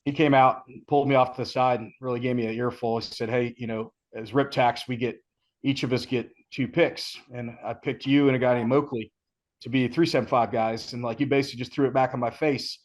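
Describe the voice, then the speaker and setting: Middle-aged man, casual podcast storyteller, relaxed, mimics quoted voices. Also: medium pitch, fairly quick. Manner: relaxed storytelling, acts out quoted sergeants, laughs. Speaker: podcast guest, retired Ranger sergeant major.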